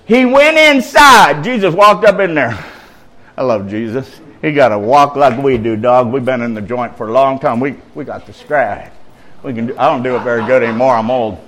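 A man's voice: medium pitch, brisk, rough recording. A middle-aged man preaching a street-style sermon, retelling scripture in slangy, emphatic language.

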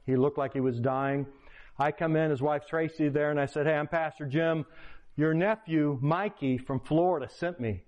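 A man, a pastor, preaching a sermon by retelling a personal story with quoted dialogue. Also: normal speed. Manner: animated retelling with quoted dialogue, pitch rising in excitement. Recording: lo-fi, dull sound.

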